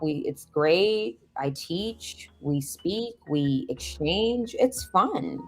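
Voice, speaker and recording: Animated woman chatting on a live stream. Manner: animated, laughs often, jumps to a squeaky high voice when acting out people. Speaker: host of a self-help livestream. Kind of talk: casual live-stream chat, advice and storytelling. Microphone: video call or stream mic.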